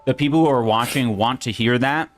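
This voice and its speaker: A man's voice: mid-range voice, fairly quick, faint music behind. Hesitant man talking casually. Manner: conversational, hesitant. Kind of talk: casual talk in a played video clip.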